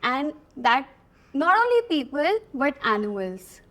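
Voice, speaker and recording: A young woman with an Indian English accent and a high voice tells her story as an interview guest, speaking a little slowly. She's animated, laughs often, and moves back and forth between Hindi and English.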